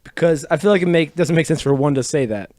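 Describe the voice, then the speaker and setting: A man's voice: on the high side, expressive, fast talker, darkish tone, no room sound. A man in a comedy troupe, brainstorming improv on a livestream and questioning the logic of the scene.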